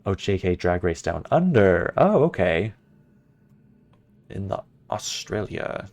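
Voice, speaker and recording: A man with a low, slow, darkish voice and big pitch swings live-streams a puzzle game. Chatty and playful, he answers his viewers in chat and thinks aloud as he plays, in casual stream commentary.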